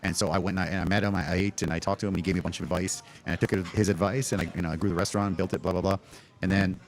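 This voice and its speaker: A man from Canada hosting a podcast, chatting casually and telling animated stories with acted-out voices. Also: sits low, racing, gravelly. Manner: animated storyteller, acts out other people's voices. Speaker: podcast host. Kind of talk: casual chat.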